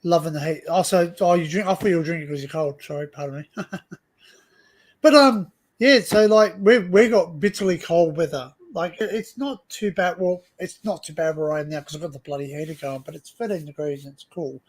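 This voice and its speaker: An Australian man hosts a casual livestream chat in a slightly high voice, speaking briskly. He rambles, laughs often, and repeats words as he goes.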